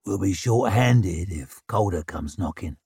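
A man voicing a taciturn, grizzled gray-haired warrior who speaks tersely and quietly. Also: low voice, lively intonation, a little slow, vocal fry, slightly rough, no room sound, clean studio sound, pitched below the performer's own voice, full character voice. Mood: dry.

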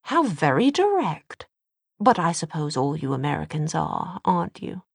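A woman's voice: lowish voice, lively intonation, moderate pace, dry recording. A woman voicing a cheerful, flippant young British man with a dry, mocking manner, read from a novel. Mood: teasing. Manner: teasing, dryly mocking.

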